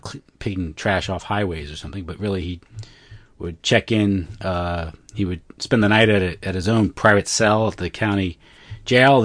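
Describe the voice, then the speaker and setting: A man with a fairly low voice reads prepared notes aloud as a podcast co-host. His delivery is casual and loose, full of fillers and quick self-corrections, with offhand asides between passages. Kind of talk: casual read-through of notes.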